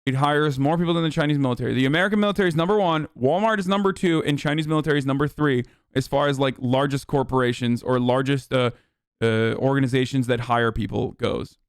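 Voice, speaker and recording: A man's voice: mid-range voice, fast talker, clean tone, no echo, studio quality. A man hosting a stream, giving heated, profane casual political commentary. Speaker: streamer host.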